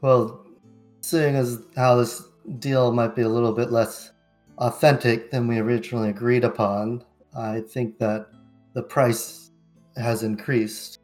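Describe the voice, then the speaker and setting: A man voicing a confident, smug male lion merchant in a relaxed, self-assured way. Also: medium pitch, measured pace, faint music behind, close to an everyday voice.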